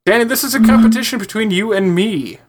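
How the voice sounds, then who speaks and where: A man's voice: high-pitched, fast talker. An easygoing man chatting casually with friends on a podcast. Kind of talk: casual drinking-game banter.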